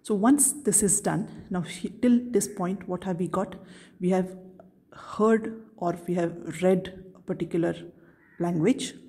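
A woman giving a recorded neuroanatomy lecture, explaining step by step in a measured way and answering her own questions. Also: fairly low pitch, dark tone.

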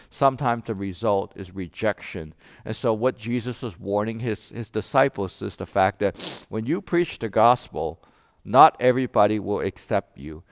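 A man preaching a sermon as pastor, telling a joke and then explaining scripture with animated rhetorical questions. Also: on the low side, clear, resonant tone, dry recording, clean studio sound. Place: church sanctuary.

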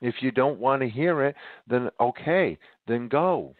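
A winded man preaches emphatically to his podcast audience. His voice sits at a middle pitch. It comes through a dry, tinny line that sounds like a phone call. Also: animated, a little slow, no echo. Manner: emphatic, addresses listeners as ladies and gentlemen. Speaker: podcast host. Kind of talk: preaching monologue.

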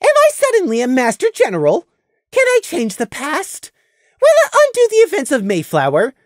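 Reader putting on a heated, lecturing thestral pony guy, raised voice, goes high, dry mic. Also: huge pitch swings, normal speed, no room sound. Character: agitated male thestral pony, bitter and blunt. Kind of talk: fan audiobook reading.

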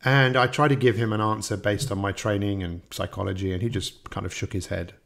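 Gravelly-voiced man reflecting earnestly. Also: lowish voice, steady tone, fairly quick, fairly bright tone. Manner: earnest, rambling, chuckles as he speaks. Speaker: podcast host. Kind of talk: personal reflective monologue.

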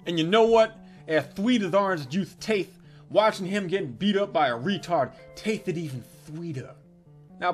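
A man in his thirties telling a crude, profane comic story in a brash, animated way. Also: high voice. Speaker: comedic storyteller. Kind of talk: crude comedic storytelling monologue.

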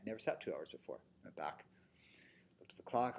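Husky-voiced man giving a dharma talk. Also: on the low side, big pitch swings, normal speed, a little mellow. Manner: casual, storytelling, tags lines with "right?" and "you know". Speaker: meditation teacher. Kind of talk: dharma talk to a live group. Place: yoga studio with a seated audience.

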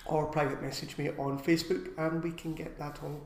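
A man co-hosting a casual live stream, chatty and rambling, with filler pauses. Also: a little high, level tone, roomy sound.

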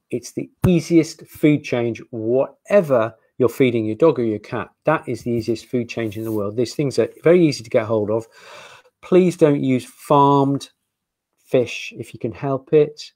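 A man's voice: mid-range voice, darkish tone, no room sound. A man, a veterinarian giving a live online presentation with slides, chatty and enthusiastic with self-mocking humor.

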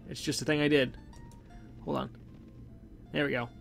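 A man with a gravelly, slightly higher voice talks through a strategy game in a relaxed, chatty way, thinking aloud and correcting himself as he goes. Game music runs faintly behind him on a desktop mic. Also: normal speed. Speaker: gameplay commentator. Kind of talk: casual let's play commentary.

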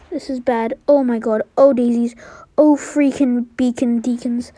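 Excitable young woman streaming a game. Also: a little high, unhurried. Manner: excitable, trash-talking, often trails into mutters. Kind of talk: casual gameplay commentary.

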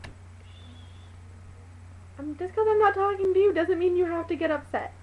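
A woman's voice: very high-pitched, fast talker, muffled recording, a little hiss or hum. A woman vlogging to her webcam at home, rambling and chatty, exasperated with her pet. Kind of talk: casual talk to a webcam.

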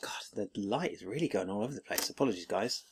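Rambling, excitable middle-aged man. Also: fairly low pitch, fast, gravelly, a little hiss or hum. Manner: enthusiastic, rambling with many fillers and restarts. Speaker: teacher and video creator. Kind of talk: casual unboxing vlog.

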